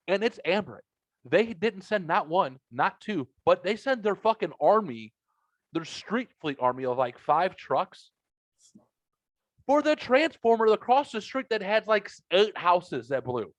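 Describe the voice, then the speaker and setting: A man co-hosting a podcast, telling profane, exaggerated comic stories in a casual, animated way. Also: high-pitched, normal speed, no echo. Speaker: podcast co-host. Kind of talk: casual comedic storytelling.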